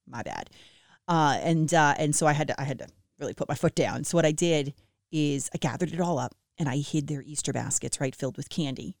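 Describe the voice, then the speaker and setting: A woman in her thirties chatting casually and self-deprecatingly to listeners about family life, with lively swings in her voice. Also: deep voice, brisk, vocal fry, no echo, clean studio sound. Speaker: mom sharing family updates with listeners. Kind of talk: casual chat.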